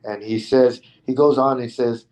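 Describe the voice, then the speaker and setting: A middle-aged man, a stuntman guest on an interview show, tells a story in an easy, animated way. His voice sits at an ordinary mid pitch, and he jumps into the other people's lines as he goes. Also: moderate pace, poor audio. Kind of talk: casual anecdotal storytelling.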